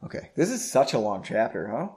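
A man's voice: medium pitch, sing-song, fairly quick, darkish tone. A man casually reading a story aloud, breaking off for chatty, jokey asides and correcting his own slips. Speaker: reader.

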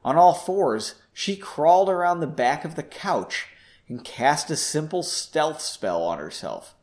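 A man's voice: fairly high pitch, very animated, a little slow, a little mellow. A man hosting a podcast, reading a novel aloud with chatty, self-deprecating asides. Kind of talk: casual story reading with asides.

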